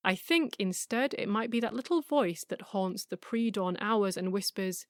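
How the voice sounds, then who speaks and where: A middle-aged woman narrates her podcast from a script, her voice sitting at an ordinary middle pitch. She sounds measured and argumentative, with a wry edge. The recording is dry, with no room sound. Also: no room sound. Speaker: podcast host.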